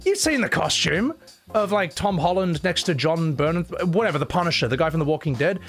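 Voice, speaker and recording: A man's voice: high-pitched, big pitch swings, a little fast, gravelly, fairly bright tone, soft background music. A man livestreaming, chatting casually and reading donation messages. He rants with profanity and strong opinions. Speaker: streamer.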